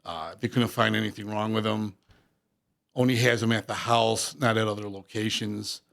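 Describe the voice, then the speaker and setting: A man, a paranormal investigator, telling a spooky story in a casual radio interview, halting and full of restarts. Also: on the low side, steady tone, creaky, fairly bright tone. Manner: halting, many restarts and fillers. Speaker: paranormal investigator and police officer.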